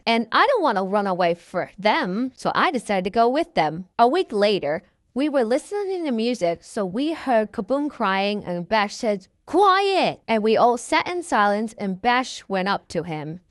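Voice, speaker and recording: A woman's voice: mid-range voice, sing-song, moderate pace, few pauses, dry recording, clean studio sound. A woman telling a fan story in a rambling, profane and ungrammatical way.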